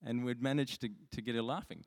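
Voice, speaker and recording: A man's voice: medium pitch, fairly even intonation, quick pace, vocal fry. A man preaching a sermon as pastor, telling stories in a chatty, self-mocking way with frequent restarts. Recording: long hall reverb.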